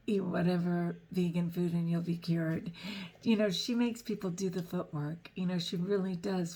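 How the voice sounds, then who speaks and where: A middle-aged woman with a fairly low, slightly mellow voice talks through her vlog. Chatty and self-deprecating, she reflects earnestly on her faith and keeps laughing between thoughts.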